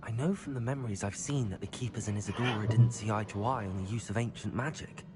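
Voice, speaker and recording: An actor playing a scholarly older male magic professor, who explains things in a thoughtful, measured way in a video game. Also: fairly low pitch, very noisy, lightly acted. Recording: game audio with music behind.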